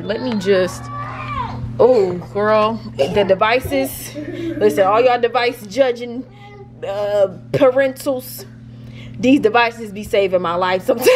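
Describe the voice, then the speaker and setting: A young woman talks casually to the camera at home, her voice pitched a little high. She swoops up and down as she chats, playful, laughing easily, with music playing clearly behind her. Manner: animated, laughs often, playful with the kids. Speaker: family vlogger and mother. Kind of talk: casual vlog chat. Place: home, indoors.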